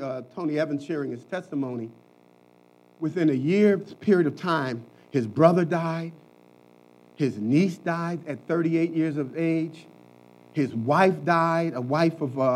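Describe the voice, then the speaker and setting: A man preaches a sermon in a high, lifted voice. He sinks into quiet, talky asides and then climbs into shouted, ringing lines. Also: rough recording. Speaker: pastor.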